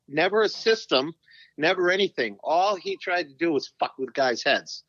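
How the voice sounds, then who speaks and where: A middle-aged man, a former pro hockey player, telling stories as a podcast guest in a profane, animated way, acting out quotes. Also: a little high, normal speed, no room sound, dull audio. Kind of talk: casual storytelling interview.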